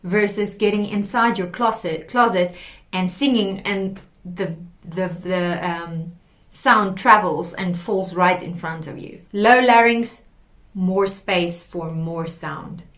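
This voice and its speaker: A woman teaching a singing lesson, explaining patiently and demonstrating sung warm-up exercises. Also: on the low side, slow. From South Africa. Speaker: vocal coach.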